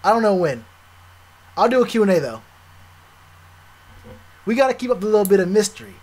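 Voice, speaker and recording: A young man streaming live, chatting casually with viewers, animated and repetitive, full of slang. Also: high-pitched, a little fast. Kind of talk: live stream reaction chat.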